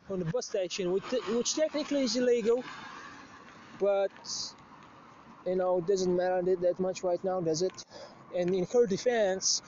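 In a casual, rambling monologue full of restarts, a male show host tells a crude, profane story. His voice is high and a little mellow, and the slightly muffled lo-fi recording carries slight background noise.

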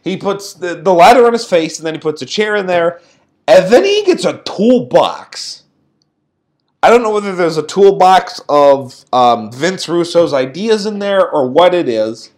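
A man's voice: high-pitched, animated, unhurried, darkish tone. A man co-hosting a podcast, recapping events in a sarcastic, incredulous rant. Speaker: podcast co-host. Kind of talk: casual recap commentary.

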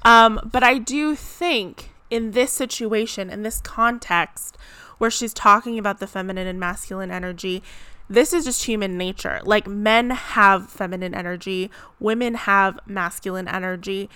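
A woman chats casually to her viewers in a bright, crisp voice. She rambles and corrects herself, scattering "like" through her talk. The sound is close and dry, with no room around it. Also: medium pitch, normal speed, no room sound. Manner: chatty, rambling, frequent "like" fillers. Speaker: vlogger. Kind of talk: casual chat to camera. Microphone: close mic.

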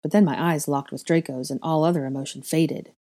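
Low-voiced woman reading a story. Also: fairly quick. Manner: expressive storytelling. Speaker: narrator. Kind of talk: fan fiction reading.

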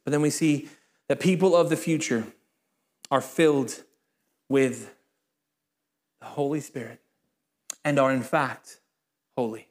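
A male pastor preaching a sermon to a congregation in church, lively and full of joking asides. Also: medium pitch, unhurried, pauses often.

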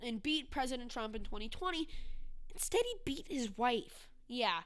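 On her casual political podcast, this host rants with sarcasm and imitates people in mocking voices. She sounds a little high and fairly bright, animated, at a normal speed.

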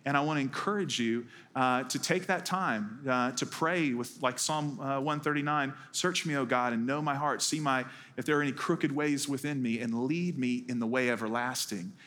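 A man's voice: mid-range voice, normal speed, hardly any pauses, a bit bright. Pastor, male, easygoing sermon delivery, storytelling with light jokes. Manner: conversational storytelling with wry humor. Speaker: executive pastor. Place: church.

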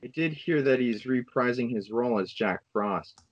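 A man co-hosting a podcast who drops deadpan jokes into a casual chat. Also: mid-range voice, normal speed, lo-fi sound. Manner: deadpan jokey interjections. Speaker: podcast co-host.

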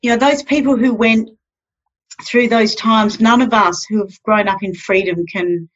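A woman speaks in an expressive, emphatic way as a podcast guest. Her audio is slightly muffled and lo-fi. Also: a little high, a little slow, husky. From Australia. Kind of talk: casual podcast conversation.

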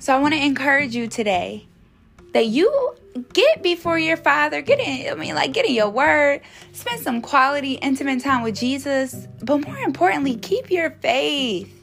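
A high-pitched woman hosts a faith podcast. She talks in an informal, slangy way and prays fervently, repeating her appeals in a steady cadence. Soft music plays faintly beneath her voice. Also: normal speed, gravelly. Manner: fervent, repetitive prayer cadence. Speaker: podcast host. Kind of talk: faith podcast devotional and prayer.

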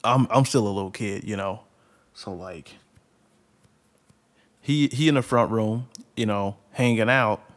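Rambling young man with a lowish voice. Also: measured pace, pauses often. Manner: rambling, laughs often, many fillers. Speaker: storyteller. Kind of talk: casual personal anecdote.

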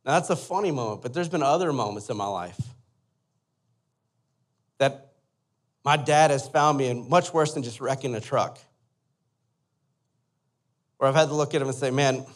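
A young adult man, a pastor, telling a lively personal story in a sermon and asking the listeners to imagine along with him. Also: medium pitch, normal speed, pauses often. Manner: animated storyteller, asks the audience to imagine.

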